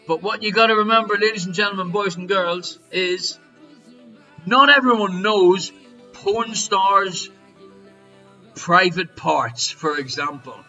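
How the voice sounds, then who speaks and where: Man, quiz host, high voice, bright tone, jokey showman patter, loud sudden calls, faint music behind. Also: a little slow, dull audio. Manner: jokey, showy quizmaster patter with big swings in loudness. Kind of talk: live-streamed pub quiz hosting. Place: home streaming setup.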